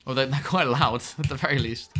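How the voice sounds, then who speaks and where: A man's voice: mid-range voice, fairly quick, pushed and bright, slight background noise. A young man chatting casually with viewers while streaming a game, swearing now and then at the game. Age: young adult. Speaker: streamer reading chat.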